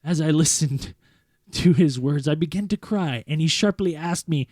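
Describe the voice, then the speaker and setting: A man's voice: fairly high pitch, moderate pace, darkish tone, no room sound. Man reading a story aloud on a podcast, dry sound. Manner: reads earnestly, breaking into laughter. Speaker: podcast host. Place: podcast studio.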